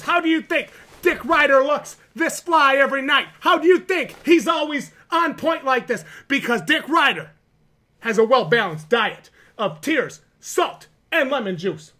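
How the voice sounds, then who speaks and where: A man's voice: very high-pitched, animated, measured pace, sharp tone, full character voice. A man playing an arrogant, boastful persona on a live stream who brags about himself in the third person. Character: cocky boastful male persona, arrogant showman. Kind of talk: comedic live stream character bit.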